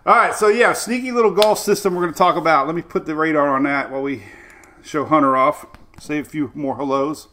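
A man's voice: a little high, fairly quick, pushed and bright. A middle-aged man hosting a live weather stream, chatty and upbeat, greeting viewers by name. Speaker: weather show host.

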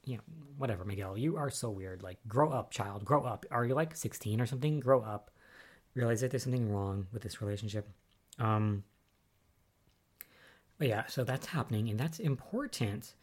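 A young adult podcaster talks through soap opera episodes in a loose, conversational recap. The delivery is chatty and easily exasperated, with lots of "like" and "um". The pitch sits in the middle of the range. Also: normal speed, breathy edge.

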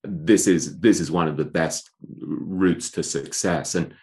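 A man's voice: deep voice, unhurried, darkish tone. An English man being interviewed about his book on a podcast, speaking thoughtfully with frequent restarts and a self-deprecating touch. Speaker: author and guest.

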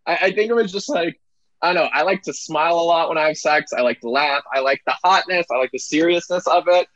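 A man's voice: a little high, fast talker, a bit bright, no room sound. Man guest, blunt and crude storyteller, dull dry video-call sound. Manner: candid, crude, laughing storyteller. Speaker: podcast guest. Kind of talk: casual chat.

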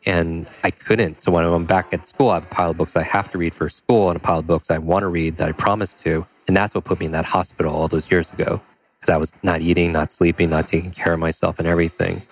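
A man telling a personal story as a podcast guest, animated and full of "like" and "you know". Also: sits low. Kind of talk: storytelling in a conversational interview.

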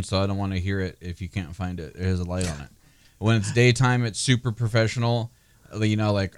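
Smooth-voiced man joking about cars. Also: on the low side, a little mellow, no echo. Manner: playful, rambling, jokey. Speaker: car reviewer and podcast co-host. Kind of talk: casual joking chat.

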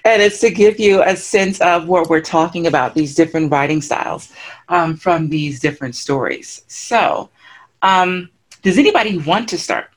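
A woman hosts a podcast in a relaxed, casual way. Her voice is very low for a woman, and her manner is warmly enthusiastic and chatty as she introduces readings. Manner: enthusiastic, chatty, quick to laugh. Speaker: podcast host.

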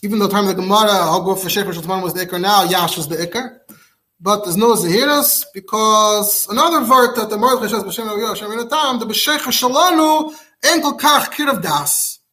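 Bright, high-voiced rabbi lecturing fast. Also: male voice. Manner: fast and animated, mixing English with Hebrew text. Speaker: rabbi giving a Talmud class. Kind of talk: Torah class lecture.

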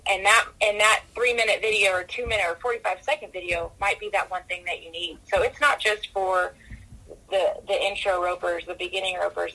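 A woman guest on a podcast, talkative and energetic, often restarting her sentences, who grew up in California. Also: medium pitch, poor audio. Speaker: podcast guest, rodeo commissioner. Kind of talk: casual interview talk.

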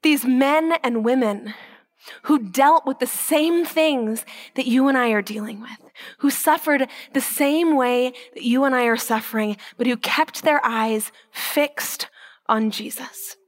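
High-voiced woman telling saint stories. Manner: lively storyteller, drops to a whisper for emphasis, slows on key words. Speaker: Catholic speaker. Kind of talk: inspirational talk with storytelling.

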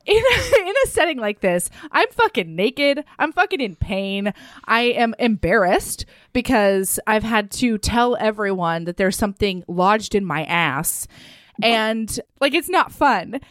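A woman co-hosting a podcast, recapping a romance novel in casual chat, animated and profane, often laughing. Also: medium pitch, measured pace, no room sound, clean studio sound. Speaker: podcast co-host.

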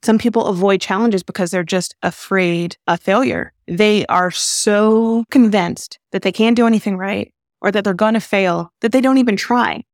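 A woman therapist hosting a podcast, calmly explaining advice in an earnest way. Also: mid-range voice, normal speed, no echo, clean studio sound. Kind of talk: advice talk.

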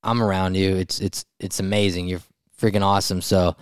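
Effusive co-host, smooth low voice. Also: male voice, little pitch movement, a little fast, no room sound, studio quality. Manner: enthusiastic, effusive. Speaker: podcast co-host. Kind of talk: casual chat.

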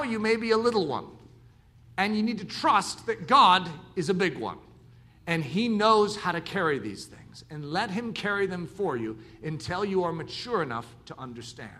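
A man preaching a sermon in an animated way, acting out the voices of his listeners. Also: high-pitched. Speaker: pastor.

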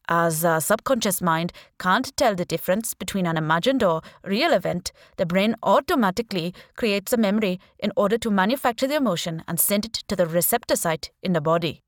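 A woman voicing a male scientist with a strong Indian accent, explaining with animated, filler-laced lecturing in an audiobook. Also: on the low side, dry recording, studio quality, close to an everyday voice. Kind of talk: audiobook character voice.

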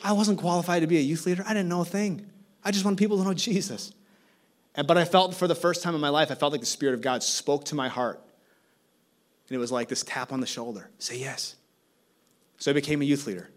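A middle-aged man from Minnesota preaching as a guest speaker, telling a story with lively energy and acting out each conversation in changing voices. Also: on the high side, fast talker. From Minnesota, USA. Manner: animated, acts out dialogue with shifting voices. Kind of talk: storytelling sermon.

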